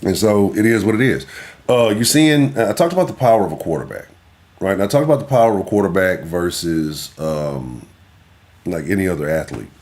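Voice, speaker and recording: Man, sports talk host, very deep, lively intonation, profane, casual. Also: fairly quick. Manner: profane, loose, grumbling.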